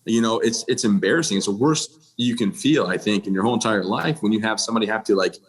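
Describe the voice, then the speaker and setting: A man's voice: lowish voice, quick pace. A man in his thirties from the United States, a podcast guest telling a personal story in a blunt, plainspoken way, with frequent restarts and "you know"s. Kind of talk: candid personal storytelling in a conversation.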